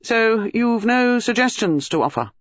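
A man voicing a curious older English gentleman who asks brisk, probing questions. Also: very high-pitched, animated, dry recording, highs cut off, voice pushed up, heavily acted.

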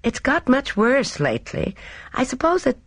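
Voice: sits high, sing-song, moderate pace, fairly bright tone, no echo, pitched above the performer's own voice, exaggerated voice. A reader voicing a cheerful, careless young woman who chatters in airy, slangy upper-class talk. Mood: breezy.

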